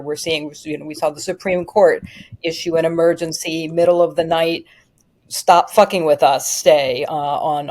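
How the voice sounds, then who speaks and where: Low-voiced woman, emphatic panel guest. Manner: animated, emphatic, many fillers. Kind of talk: podcast discussion.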